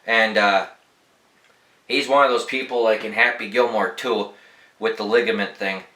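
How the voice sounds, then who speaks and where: A man's voice: on the low side, steady tone, moderate pace, pushed and bright, echoey room, low-quality recording. A young man hosting a podcast, telling laid-back, profanity-laced stories in a rambling, casual way. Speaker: podcast host. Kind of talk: casual storytelling.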